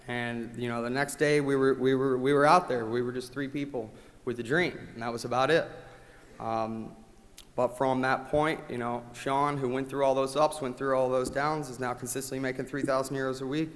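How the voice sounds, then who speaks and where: A man giving a motivational award speech at a company rally, his delivery swinging from loud rallying calls to quiet thanks. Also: mid-range voice, fairly even intonation, moderate pace. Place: large event hall. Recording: long hall reverb.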